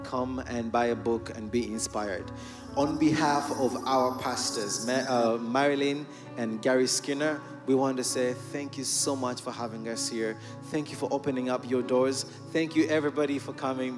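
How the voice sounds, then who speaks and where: A man's voice: medium pitch, moderate pace. A man representing a visiting ministry, making playful, joking announcements to a church congregation. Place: church sanctuary. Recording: church hall reverb with faint music.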